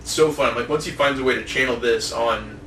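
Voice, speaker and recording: A man's voice: medium pitch, a little fast, fairly bright tone. A young man co-hosting a casual podcast, telling rambling stories full of swearing and laughter. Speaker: podcast co-host. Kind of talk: casual chat. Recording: echoey room from far off, faint noise.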